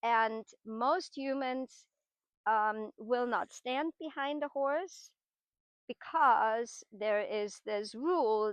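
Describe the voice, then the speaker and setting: A woman's voice: on the high side, drawn-out words, no echo. Patient, explanatory woman horse trainer. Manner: patient, explanatory, with frequent tag questions. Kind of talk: explanatory teaching talk while working horses.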